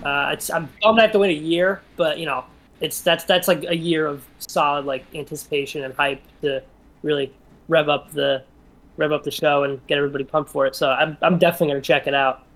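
A man's voice: on the high side, steady tone, a little fast, a bit bright. A man co-hosting a casual podcast, rambling with many restarts. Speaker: podcast co-host.

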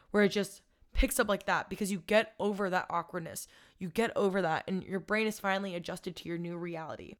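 Profane, hyped-up young woman podcaster. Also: medium pitch. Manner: animated, profane, hypes up listeners. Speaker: podcast host. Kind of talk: casual motivational podcast monologue.

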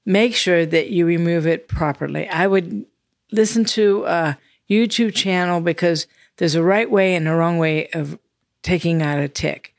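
A woman's voice: on the low side, measured pace, no room sound, studio quality. An older woman co-hosting a podcast, chatty and self-deprecating in casual conversation. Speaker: podcast co-host. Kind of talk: casual chat.

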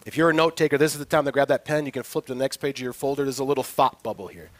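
A man's voice: medium pitch, very fast, no room sound. A male pastor preaching a sermon in an earnest, emphatic way, asking his listeners rhetorical questions.

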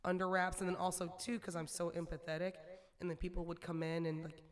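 A woman's voice: on the low side, little pitch movement, fast talker. A woman co-hosting a podcast in a candid, chatty way, swearing freely. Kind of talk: casual chat.

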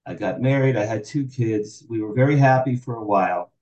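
Speaking fairly quickly in a mid-range voice, this sixty-something podcast guest shares candid stories over a lo-fi, reverberant recording. He brings quoted dialogue to life with animated impressions during the interview.

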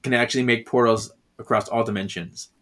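A man's voice: fairly even intonation, brisk, fairly bright tone. A man co-hosting a podcast, chatting about a comic, laughing often and jumping into the characters' lines. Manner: laughs often, acts out lines with big pitch jumps. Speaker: podcast co-host. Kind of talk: casual chat about a comic.

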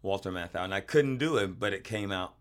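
A man hosting a casual interview chat, enthusiastic and joking, quick to laugh. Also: fairly low pitch, lively intonation. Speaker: podcast host.

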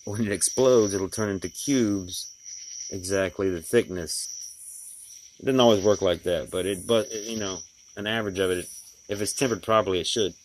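Speaking at a normal speed with a fairly low pitch, a middle-aged glass installer recounts his day on a casual personal vlog. His storytelling is rambling and folksy, full of fillers, with slight background noise.

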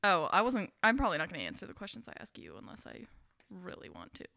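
A young woman co-hosting a podcast, relaxed and offhand, laughing easily. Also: fairly low pitch, quick pace, creaky, no echo, clean studio sound. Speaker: podcast co-host. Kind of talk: casual chat.

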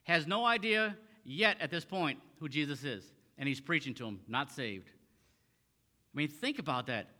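A man's voice: fairly high pitch, animated, measured pace, bright, forceful tone, in a large hall. A man preaching a sermon as a pastor, reading scripture aloud and then restating it in plain talk with frequent fillers and repeated phrases. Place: church sanctuary.

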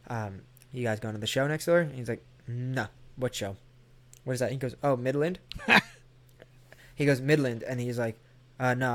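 A man casually telling a long, rambling, profane story in a chat, acting out the people he quotes. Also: mid-range voice.

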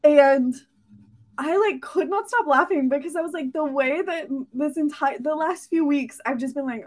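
A woman's voice: sits high, normal speed. A young woman hosting a podcast, talking casually and gushing with frequent laughter. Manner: chatty, gushing, laughs often. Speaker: podcast host. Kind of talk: casual monologue.

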